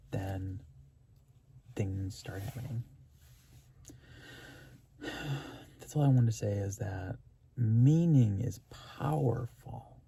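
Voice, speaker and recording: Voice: mid-range voice, gravelly, dark tone, slightly rough. A vlogger telling a story in a rambling, gushing way, with many fillers and restarts and an earnest, spiritual tone. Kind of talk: casual storytelling vlog.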